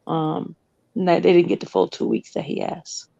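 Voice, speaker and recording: Woman guest, casual explainer, low gravelly voice, dull lo-fi audio. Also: huge pitch swings, normal speed, warm tone. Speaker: guest commentator. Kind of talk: casual chat.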